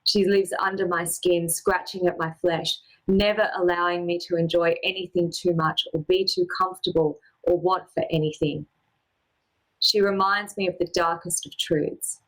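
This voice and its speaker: Low-voiced woman telling a poetic story. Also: a bit bright, poor audio. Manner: measured, poetic, deliberate delivery. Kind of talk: spoken-word personal storytelling.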